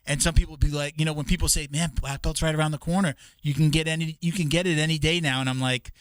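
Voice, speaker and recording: A man's voice: fairly high pitch, steady tone, fast, clear, resonant tone, no echo. A man co-hosting a podcast, talking casually and rambling, swearing and restarting his sentences often. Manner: rambling, profane, with many restarts.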